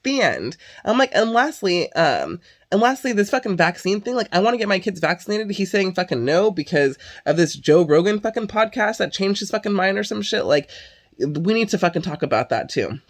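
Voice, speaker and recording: A vlogger with a mid-range voice vents in a casual monologue, very animated and brisk. She swears constantly, sighs, and fills her exasperated rant with "like."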